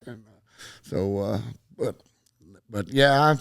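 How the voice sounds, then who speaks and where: A man's voice: on the low side, takes it slowly, fairly bright tone, smooth, no room sound. A middle-aged man with a Texan accent, a podcast guest telling a long story in casual chat and acting out every quoted line.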